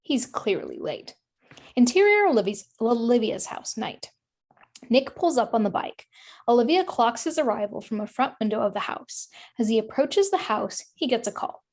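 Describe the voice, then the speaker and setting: A woman reading screenplay stage directions in a brisk, matter-of-fact way. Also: a little high, big pitch swings, darkish tone. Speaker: narrator reading action lines.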